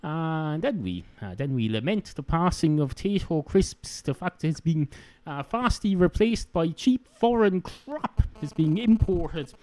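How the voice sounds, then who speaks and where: An Irish podcast host speaks into a handheld microphone with a fairly high, dark-toned voice and lively intonation, taking his time. He rambles and rants comically, filling the gaps with plenty of "uh" sounds.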